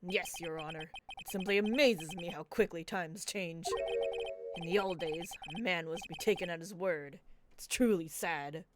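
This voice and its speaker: A woman voicing a suave, old-fashioned gentleman detective in a game playthrough, with a smooth and measured delivery. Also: fairly low pitch, pitched below the performer's own voice, lightly acted. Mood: dignified. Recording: game music underneath.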